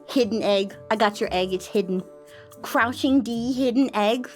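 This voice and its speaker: With soft music in the background, an animated woman streamer chats casually at normal speed into a boom mic. She's teasing and playful, laughing frequently and launching into sing-song and shouty squeals.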